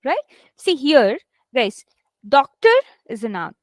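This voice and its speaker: Woman instructor, high voice, dry close sound, coaxing, reads sentences slowly with stress. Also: very animated, dry recording, poor audio. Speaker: English test instructor. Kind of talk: live online class teaching.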